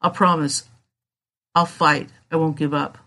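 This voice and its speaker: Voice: medium pitch, level tone, measured pace, bright, forceful tone. A narrator voicing a determined young man with cancer, earnest and plain-spoken. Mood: resolute.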